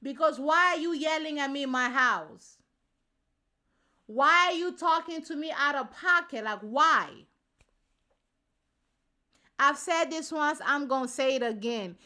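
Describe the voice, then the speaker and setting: Emphatic high-voiced woman vlogger. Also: bright, forceful tone. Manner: emphatic, repeats points for stress; slangy, informal address to viewers. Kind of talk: casual opinion commentary to camera.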